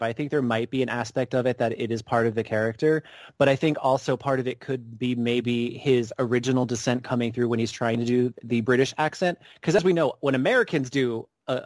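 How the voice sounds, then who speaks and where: A man's voice: mid-range voice, dry recording. A man co-hosting a podcast, talking in a loose, rambling way that keeps doubling back on itself. His voice sits mid-range and sounds close and dry, with no room around it. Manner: rambling, self-correcting with many restarts. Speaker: podcast co-host. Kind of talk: casual chat.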